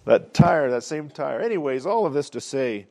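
A man's voice: on the high side, expressive, moderate pace, creaky, a little mellow. Guy preaching, casual storytelling, keeps asking amen. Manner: conversational storytelling, frequent "amen?" asides. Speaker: pastor. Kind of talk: sermon.

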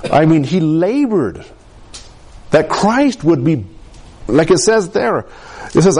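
A man with a fairly high voice preaches a sermon. His pitch swings widely as he acts out the people he quotes, rising and falling with each line. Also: big pitch swings, slow pace, pauses often, a little mellow, slightly rough.

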